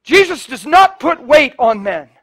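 A middle-aged man preaching a sermon, telling stories with loud emphasis and soft hushed passages. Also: very high-pitched, measured pace. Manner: animated, shifts between loud emphasis and soft hushed storytelling. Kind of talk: sermon with storytelling.

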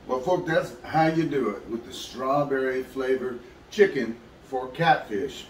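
A man's voice: medium pitch, a little slow, a little hiss or hum. A man hosting a casual how-to fishing video, chatty and folksy as he talks to viewers. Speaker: fishing channel host. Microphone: camera mic, filmed by a helper.

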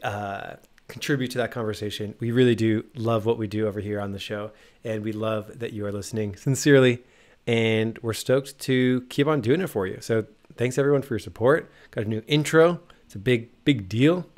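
Upbeat, energetic male podcast host. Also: lowish voice, normal speed. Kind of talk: casual podcast chat.

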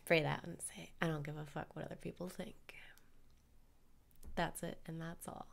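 A woman leading a guided meditation parody in a soft, calm voice that drifts into whispers. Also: deep voice, moderate pace, creaky.

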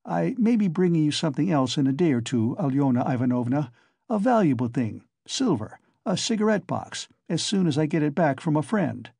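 A man reading the part of a nervous, hesitant young man who speaks in a halting, awkward way. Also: fairly high pitch, very animated, gravelly, warm tone, breathy edge, no echo, studio quality, exaggerated voice. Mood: uneasy.

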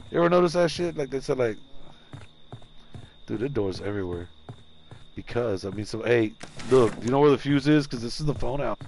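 A man streaming a game live, giving loud, excitable, profane commentary and taunting the enemy. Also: medium pitch, slight background noise.

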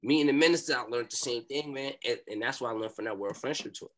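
A young man telling a story as a podcast guest, in animated street talk and acting out what people said. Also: mid-range voice, fast talker. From New York.

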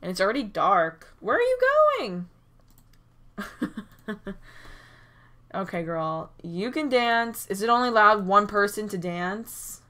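A woman giving chatty, excitable commentary over a life-sim game, recorded on a desk mic at her computer. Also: medium pitch, slow pace, pauses often. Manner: chatty and excitable, frequent "oh my gosh" and small gasps. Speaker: gaming YouTuber. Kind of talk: casual gameplay commentary.

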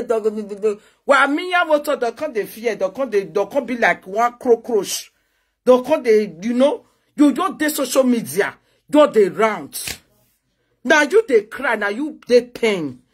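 A woman's voice: fairly high pitch, husky. A woman with a Nigerian accent in a heated live-video rant, taunting and mocking a rival. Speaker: social media personality. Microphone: phone on live video.

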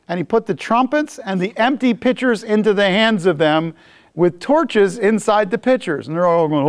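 A Bible teacher lectures to a class with a very lively, swooping voice. The talk is jokey and conversational, moving from read passages to playful asides and acted-out bits. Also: medium pitch, normal speed. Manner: jokey and conversational, acting out scenes.

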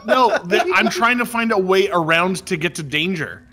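A man's voice: high-pitched, animated, normal speed, a crowd in the background. A man streaming a video game with friends, exasperated and swearing, laughing along with them. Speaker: gaming streamer. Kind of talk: casual gaming banter.

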